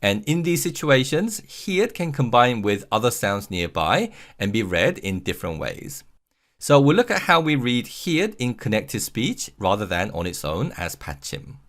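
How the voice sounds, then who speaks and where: A man narrating a scripted language lesson, explaining clearly and repeating example words slowly and carefully. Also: mid-range voice, sing-song, a bit bright. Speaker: language teacher.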